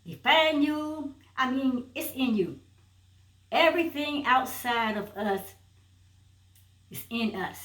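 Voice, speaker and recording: A woman's voice: high-pitched, a bit bright, echoey room, distant mic. A woman giving a motivational self-help video message, emphatic and repeating her phrases for force.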